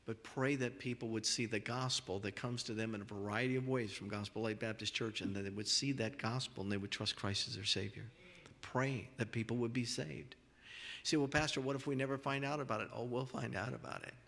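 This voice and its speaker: A man's voice: on the low side, steady tone, a little fast, gravelly, a bit bright. A male pastor preaching a sermon in a church, earnest, often repeating and restarting his phrases. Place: church sanctuary. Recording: long reverb of a large church hall.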